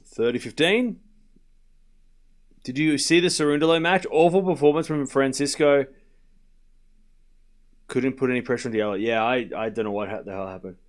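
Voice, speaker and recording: A man's voice: medium pitch, normal speed, long pauses. An Australian man hosting a live tennis watchalong stream, calling the score in a casual, chatty way and often laughing at himself.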